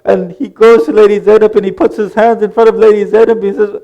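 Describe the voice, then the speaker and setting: A man's voice: high voice, flat delivery, fast, vocal fry, few pauses, dark tone, dull audio. A man preaching a religious sermon. He tells the story in earnest, addresses the congregation directly, and voices each figure's lines as quoted dialogue. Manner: retells dialogue in quoted speech.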